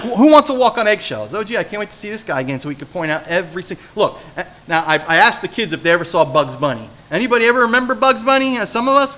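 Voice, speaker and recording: This New Jersey pastor's voice sits high as he preaches, bringing stories to life and putting questions to his listeners.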